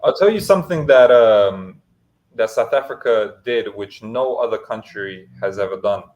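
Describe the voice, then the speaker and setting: A man with a somewhat low voice, co-hosting a podcast in relaxed conversation over a call. He talks freely, jokes around and pushes back quickly when he disagrees. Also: highs cut off. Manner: chatty, jokey, quick to argue. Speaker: podcast co-host. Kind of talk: casual chat.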